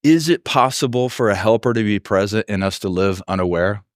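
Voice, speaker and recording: Fairly low in pitch and a little fast, this Texan pastor's sermon is recorded with studio quality and no echo. He's a storyteller who performs the voices of those he quotes.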